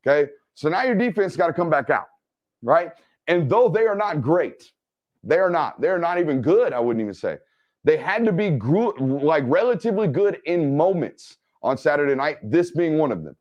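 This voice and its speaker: A man hosting an energetic game film breakdown. He keeps checking in with "right?" and "okay?". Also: a little high, moderate pace, highs cut off. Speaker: football film analyst and host.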